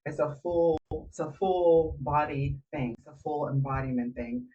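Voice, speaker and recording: A woman's voice: low voice, fairly even intonation, unhurried, warm tone. Woman voice coach, a little distant. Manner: demonstrative, shifts voice to illustrate points. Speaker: voice coach co-host. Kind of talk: casual podcast chat. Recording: muffled audio, a bit far from the mic.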